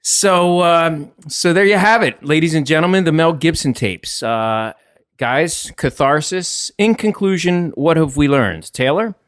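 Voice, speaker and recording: A man's voice: fairly high pitch, a little slow, clear, resonant tone, no echo, clean studio sound. Wry joking male podcast host. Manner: wry, joking, breaks into laughter. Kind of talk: casual commentary.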